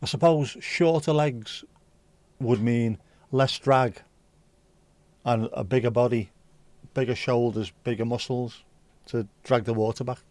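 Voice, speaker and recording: A man's voice: mid-range voice, fairly even intonation, measured pace, pauses often, a little mellow, no echo. A man from North West England, hosting a casual livestream and bantering with chat comments. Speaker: livestream host.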